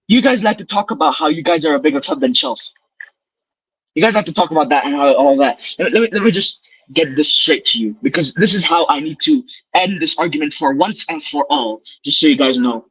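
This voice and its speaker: High-pitched guy ranting hard on a call in, husky, kinda muffled. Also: fairly bright tone, no echo. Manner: heated, ranting, repetitive. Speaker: caller. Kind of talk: casual chat.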